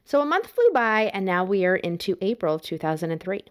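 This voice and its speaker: A woman's voice: mid-range voice, big pitch swings, brisk. A woman co-hosting a podcast, narrating a true crime case in a casual, playful way. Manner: casual, playful storytelling with laughs. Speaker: podcast co-host.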